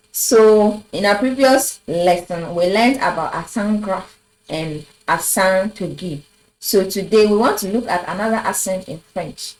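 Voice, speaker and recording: A woman teaching a French lesson at a board, explaining slowly and asking her viewers rhetorical questions. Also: mid-range voice, rough recording. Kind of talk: video language lesson. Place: in front of a board.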